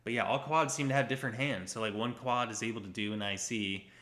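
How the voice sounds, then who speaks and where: Bright-voiced man co-hosting a chat. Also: fairly low pitch, fast talker. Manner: easygoing, explanatory, joking. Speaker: co-host of a live stream. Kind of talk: casual chat.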